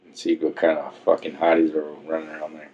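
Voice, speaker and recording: A man with a very low voice, trading profane wisecracks and laughing often in casual podcast banter. The sound is dull and lo-fi. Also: monotone, fast talker, darkish tone. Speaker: podcast co-host.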